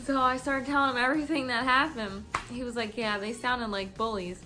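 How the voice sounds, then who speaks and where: Tipsy young woman vlogger, higher voice, rants and laughs through a work story to camera. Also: steady tone, fairly quick, music in the background. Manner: laughing often, swearing, acting out coworkers' lines. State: tipsy from drinking.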